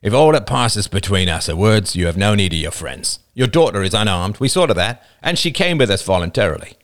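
A man doing a stern old clan chief, low and curt. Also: expressive, brisk, dry recording, studio quality, natural voice. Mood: guarded. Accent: strange foreign accent. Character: older male clan leader, stern and guarded.

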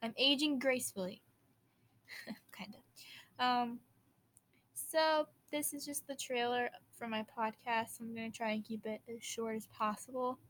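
Teen girl podcast host, fifteen, Wisconsin accent, higher voice, giggly rambler, faint hum in the background. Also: steady tone, normal speed, few pauses, fairly bright tone, low-quality recording. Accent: Upper Midwest American. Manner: bubbly, giggly, rambling with restarts. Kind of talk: casual teen podcast chat.

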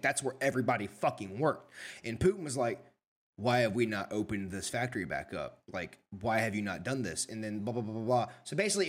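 A young man co-hosting a casual podcast, telling crude, animated stories full of swearing. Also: mid-range voice. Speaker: podcast co-host. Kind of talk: casual chat.

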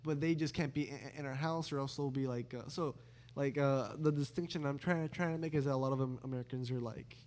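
A man's voice: mid-range voice, steady tone, fast talker, hardly any pauses, a little mellow. A young man hosting a casual chat with his younger brother, rambling with many restarts and dry, sarcastic teasing. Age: young adult. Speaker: podcast host.

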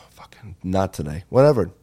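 Low, mellow-voiced rambling comedy host. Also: male voice, big pitch swings, unhurried. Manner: profane, meandering, lots of fillers and asides. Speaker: podcast host.

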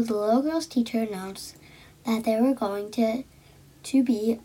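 A woman reads a children's storybook aloud, with a lightly high, breathy voice. She acts out the characters and often drops into soft whispers. The pacing is gentle and playful. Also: measured pace, poor audio. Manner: lively, acted character voices with frequent soft whispered asides. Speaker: storyteller reading a children's book.

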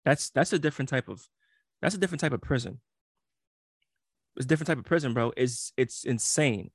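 A man's voice: medium pitch, animated, a little fast, husky, no room sound, clean studio sound. A man co-hosting a podcast in casual chat, blunt and profane, lecturing his listeners. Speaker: podcast co-host.

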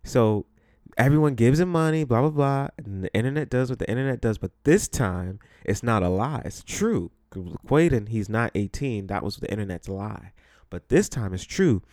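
This solo podcast monologue comes from a young man from the Bronx, New York, whose mid-range, slightly mellow voice has lively intonation and a moderate pace. Blunt and foul-mouthed, he laughs through his stories; the studio recording is clean with no echo.

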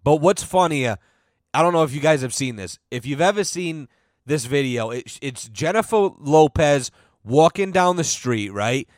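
A man hosting a comedy podcast, ranting casually and profanely, filling every pause with "you know" and acting out quoted people. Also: expressive, no echo. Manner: acts out quoted voices with big pitch swings. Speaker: podcast host.

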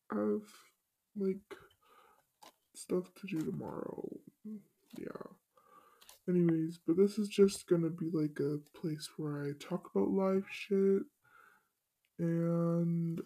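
A shy woman hosting a casual solo podcast, talking hesitantly with many pauses and fillers, her voice run through a voice changer on a glitchy recorder. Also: fairly low pitch, gravelly, darkish tone. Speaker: podcast host.

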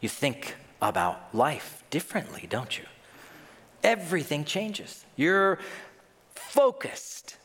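A man preaching a sermon as pastor, telling stories in an animated way and acting out quoted voices. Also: a little high, a little slow, breathy edge, long reverb tail.

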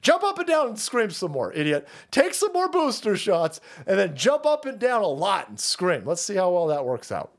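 A man's voice: high voice, huge pitch swings, normal speed, hardly any pauses. A man hosting a livestream, ranting about politics in a profane, sarcastic way and reading sponsor ads. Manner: foul-mouthed, sarcastic, rambling. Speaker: streamer host. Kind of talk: profane political rant with ad reads.

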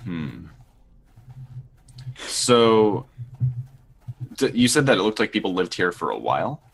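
A man with a very low voice plays a tabletop game. He reasons aloud in a deliberate, measured way, weighing each step. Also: sing-song, creaky, slightly rough. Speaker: player.

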